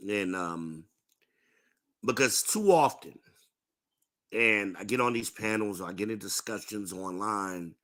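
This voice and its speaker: Podcast host, man, middle-aged; slow, lecturing delivery, bright tone. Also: lowish voice. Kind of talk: live-streamed podcast monologue.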